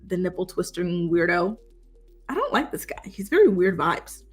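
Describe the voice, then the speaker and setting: A woman's voice: fairly low pitch, big pitch swings, moderate pace, slightly rough, soft background music. A chatty woman talks straight to her viewers in a loose, gossipy way. She jumps between topics and leans on many "like"s in everyday commentary. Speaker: recap commentator. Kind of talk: casual chat.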